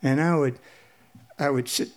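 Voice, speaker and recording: An older man in his seventies telling a personal story at a live event, halting and low-key with many pauses. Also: steady tone.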